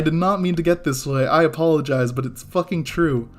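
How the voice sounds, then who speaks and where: Over soft background music in a home studio, a man streaming live while drawing goes on a casual rant, talking a bit quickly in a fairly high voice. Growing heated, he swears, trips over repeated restarts and self-corrections, and eventually says sorry.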